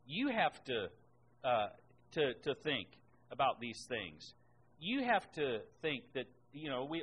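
A man preaching a sermon and reading scripture aloud, rising sharply in pitch and volume on the words he stresses. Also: big pitch swings, unhurried, dull audio, slight background noise. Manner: emphatic, rises in pitch and volume on key words.

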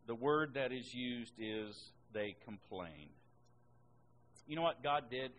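A man preaching a sermon and reading scripture aloud, rising sharply in pitch and volume on the words he stresses. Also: animated, slow pace, fairly bright tone, a little hiss or hum, rough recording. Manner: emphatic, rises in pitch and volume on key words.

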